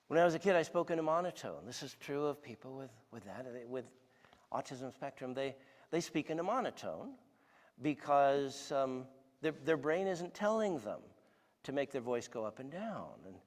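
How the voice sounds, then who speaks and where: This sixties-aged guest speaker has a mid-range, animated voice and keeps a moderate pace, his words filling a large church hall. He delivers a conversational sermon full of stories and questions for his listeners.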